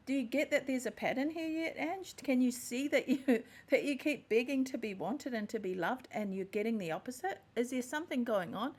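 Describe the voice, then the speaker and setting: A podcast host with a fairly high, animated, slightly mellow voice delivers a reflective personal monologue at a moderate pace with hardly any pauses. She's earnest and heartfelt, often stopping to rephrase herself.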